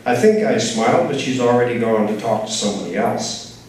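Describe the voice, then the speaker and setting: A man reading his own short story aloud at a writers' group, in a measured, plain storytelling manner. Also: medium pitch, darkish tone. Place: writers' group reading, large echoey room. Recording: very echoey room, from far off, faint noise.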